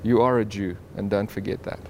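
A man voicing a stern older man who solemnly warns a young woman, in a lower, quieter voice. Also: steady tone, brisk, a little hiss or hum, lightly acted. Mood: stern warning. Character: stern older Jewish man warning his niece.

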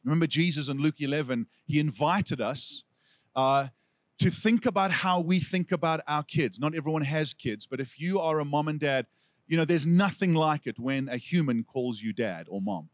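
A man with a South African accent preaching a sermon, telling stories with lively delivery and acting out the people he quotes. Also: on the high side, normal speed, dry recording. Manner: animated storytelling, acts out quoted figures. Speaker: pastor.

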